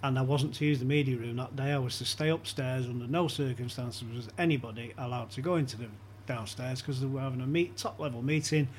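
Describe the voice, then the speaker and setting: A man's voice: mid-range voice, fairly even intonation, fast, few pauses, slight background noise. A man as a podcast guest, telling anecdotes in casual chat and chuckling often as he talks.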